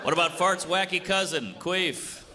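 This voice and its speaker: A man in his thirties doing a stand-up comedy set, with a brash and animated delivery that breaks into shouted punchlines. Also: high-pitched, unhurried. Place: large hall with live audience. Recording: echoey hall, audience noise.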